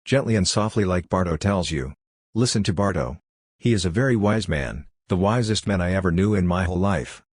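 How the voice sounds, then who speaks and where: A man reading the part of a kindly, fatherly condemned shoemaker who speaks gently. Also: deep voice, animated, fairly quick, breathy edge, no room sound, studio quality. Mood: gentle.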